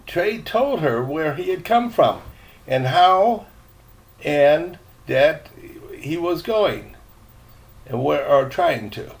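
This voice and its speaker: A man's voice: a little high, animated, slow pace, creaky, pauses often. An older man reading a chapter book aloud, rambling with chatty asides and many fillers. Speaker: storyteller.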